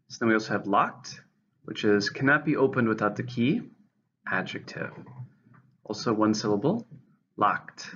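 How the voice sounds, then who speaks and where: In a muffled lo-fi recording, a man with a fairly low, fairly bright voice and a breathy edge runs a vocabulary lesson. He methodically gives syllables, stress and example sentences as he reads definitions and examples.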